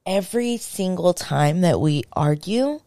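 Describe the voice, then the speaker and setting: A young woman hosting a podcast, telling a story in casual chat, animated and swearing, acting out what people said. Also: on the low side, a little slow, no echo. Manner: animated, swearing, acts out quotes. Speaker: podcast host.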